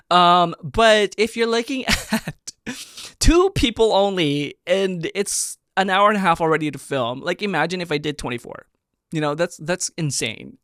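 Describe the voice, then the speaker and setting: A young man hosting a reaction video, excitable and gushing, breaking into bursts of shouting and laughter as he breaks down a dance performance. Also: high-pitched, no room sound, clean studio sound. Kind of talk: animated reaction commentary.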